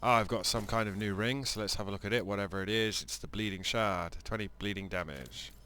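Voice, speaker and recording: A man's voice: on the low side, a little fast, bright, forceful tone, a little hiss or hum. A man hosting a let's play, reading game text aloud with dry, muttered asides. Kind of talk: casual gaming commentary.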